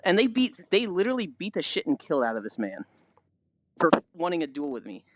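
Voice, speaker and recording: Brief: low-ish woman streamer, very expressive delivery, dry slightly dull mic. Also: fairly quick, no room sound. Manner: animated storytelling, swears often. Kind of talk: casual chat with viewers.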